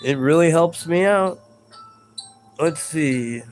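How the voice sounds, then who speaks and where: A man's voice: fairly high pitch, slow pace, soft background music. A man hosting a live stream in a casual, rambling chat, reading out viewer comments and stumbling over his words in a self-deprecating way.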